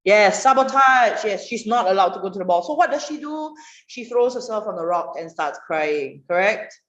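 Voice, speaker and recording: A woman teaching an online writing class, questioning students and praising their answers in a lively way. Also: mid-range voice, moderate pace. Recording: roomy, dull online class audio.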